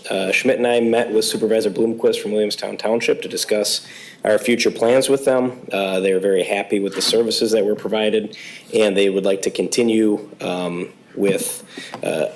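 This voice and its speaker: A man serving as police chief, his voice going hoarse, speaks low and haltingly, filling pauses as he reports to a township board. He sounds like he is talking at a meeting-room microphone. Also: slight background noise, low-quality recording. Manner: halting, many fillers. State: losing his voice.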